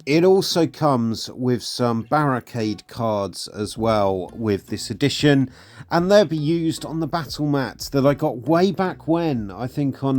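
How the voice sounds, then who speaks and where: Casual male vlogger, mid-pitched, friendly and rambling, faint music bed. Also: a little mellow. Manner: chatty, upbeat, with frequent fillers. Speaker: hobby channel host. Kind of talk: casual product review.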